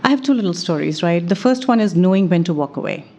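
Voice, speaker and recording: A woman with a slightly low voice speaks in a measured, reflective way as an interview guest. She tells business anecdotes at an easy conversational pace. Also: expressive, darkish tone. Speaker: guest, venture investor.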